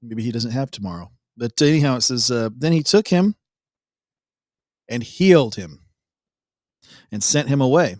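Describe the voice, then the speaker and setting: A man co-hosting a devotional show, reading a Bible passage and joking around in a relaxed, casual chat. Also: medium pitch, normal speed, pauses often, no echo, clean studio sound. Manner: laid-back, jokey, laughs often.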